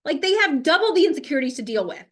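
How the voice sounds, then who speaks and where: A woman's voice: sits high, sing-song, racing, fairly bright tone. A woman host giving a blunt, emphatic motivational talk, firing off rhetorical questions. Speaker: host, health coach.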